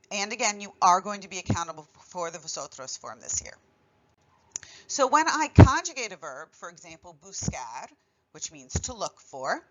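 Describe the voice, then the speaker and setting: A woman teaching a Spanish grammar lesson, spelling out verb endings clearly and stressing each one deliberately. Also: lowish voice, rough recording.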